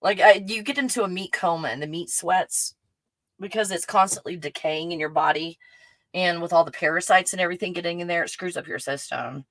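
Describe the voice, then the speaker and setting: A woman's voice: fairly low pitch, fairly quick, fairly bright tone, no echo, rough recording. A woman hosting a casual livestream, reading viewer comments and ranting with lots of swearing and laughter. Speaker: livestream host.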